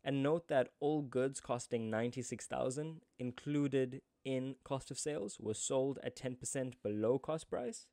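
A man's voice: medium pitch, a little slow, hardly any pauses, warm tone, no echo, clean studio sound. A man teaching accounting in a tutorial, chatty, with joking asides. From South Africa. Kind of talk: screen-recorded tutorial.

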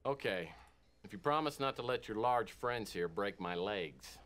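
A man's voice: fairly low pitch, animated, moderate pace, fairly bright tone. An actor playing a down-on-his-luck male private eye in a video game, trading wisecracks and pleading. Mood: cowed. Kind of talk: full-motion video game acting.

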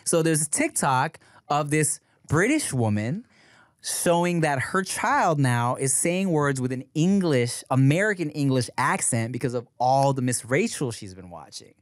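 A man's voice: medium pitch, big pitch swings, unhurried, no room sound, studio quality. A man in his thirties co-hosting a podcast in a casual, rambling chat, with lots of filler words. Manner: rambling, laughs and does voices. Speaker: podcast co-host.

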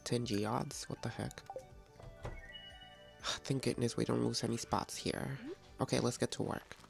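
A woman's voice: extremely low pitch, fairly even intonation, a little slow, gravelly, faint music behind. A woman hosting a casual let's-play video, chatty and playful, talking to the game's characters and to her viewers. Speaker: gaming video host.

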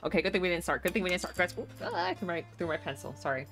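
Deep-ish voice lady streamer, chatty, laughs a lot while playing. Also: rapid-fire, fairly bright tone, soft background music. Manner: chatty, laughs often, reads chat aloud. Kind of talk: casual gameplay chat.

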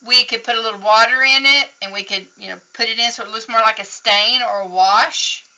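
A woman's voice: fairly high pitch, steady tone, a little fast, bright, forceful tone, low-quality recording. A woman teaching a casual painting lesson at a craft table, chatty and encouraging as she explains each step. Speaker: craft instructor.

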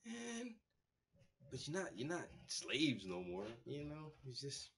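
Man, husky, profane casual storytelling, animated, acts out quotes. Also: fairly high pitch, slow pace. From United States. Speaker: painter and show host.

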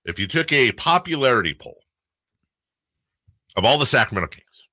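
Lively bright-voiced male sports radio host. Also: medium pitch, moderate pace, no echo, clean studio sound. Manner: animated, laughs often, playful. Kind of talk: casual sports talk. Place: radio studio.

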